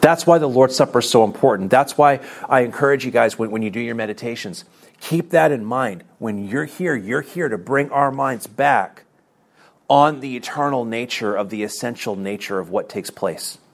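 A man's voice: mid-range voice, moderate pace, creaky. A middle-aged man preaching a sermon to his congregation, earnest and conversational, with self-deprecating asides and repeated phrases.

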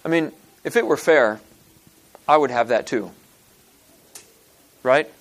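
A man preaching a sermon, retelling a parable with animated storytelling and acting out the characters' lines. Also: mid-range voice, takes it slowly. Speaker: pastor.

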